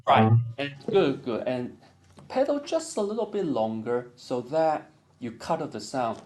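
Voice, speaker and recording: A man's voice: mid-range voice, sing-song, measured pace, long pauses. A man giving a one-on-one piano lesson, coaching and singing phrases in syllables. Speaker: piano teacher.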